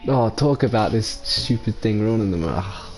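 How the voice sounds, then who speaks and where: A man's voice: on the low side, lively intonation, normal speed, darkish tone, faint music behind. A young man commenting on a visual novel as he plays, emotional, casually swearing and repeating himself. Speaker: gaming channel host. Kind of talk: emotional let's play commentary.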